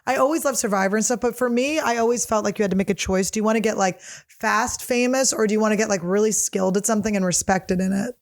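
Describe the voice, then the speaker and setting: A woman's voice: mid-range voice, quick pace, few pauses. A woman in her thirties hosting a podcast, telling a comic story in a loose, rambling, profane way with lots of fillers. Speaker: podcast host. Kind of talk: casual comedic storytelling.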